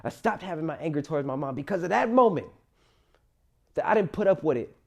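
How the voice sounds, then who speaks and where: A man's voice: a little high, lively intonation, fast talker, creaky. A young man in college tells his own life story to camera in an earnest, emphatic, motivational way. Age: young adult.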